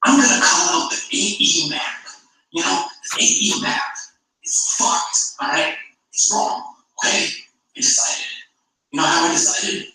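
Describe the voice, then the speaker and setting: A man's voice: fairly high pitch, huge pitch swings, unhurried, bright, forceful tone, heavily acted. A man mocking another man as a boastful, crude vlogger with a swaggering delivery. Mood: cocky. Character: brash, boastful male vlogger, mocking parody. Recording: echoey room, far from mic.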